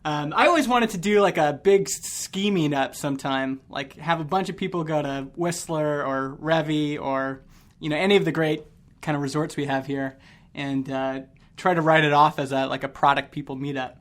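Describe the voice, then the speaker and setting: A man's voice: a little high, normal speed, fairly bright tone. A man from Canada hosting a podcast, chatting casually and laughing often between rambling sentences. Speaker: podcast host.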